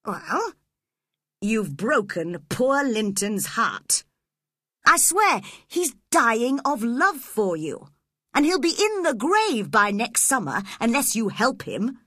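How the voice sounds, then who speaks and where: A woman plays a scheming man who coaxes slowly and insistently, in an unhurried, lively voice. The breathy, bright reading sounds dry and close for a storybook. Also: a little high, no room sound, exaggerated voice. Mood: coaxing. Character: scheming, persuasive grown man on horseback.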